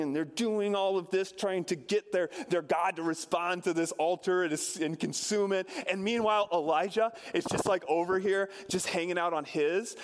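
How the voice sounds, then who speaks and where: A pastor giving a sermon, retelling a scripture story in a conversational way with touches of humor. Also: male voice, a little high, in a large hall.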